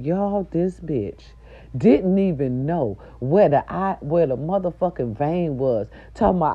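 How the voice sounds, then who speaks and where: An older woman, a nurse's aide and grandmother, telling an indignant, profane story straight to her viewers in a loud, animated rant. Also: deep voice, measured pace, husky, dull audio.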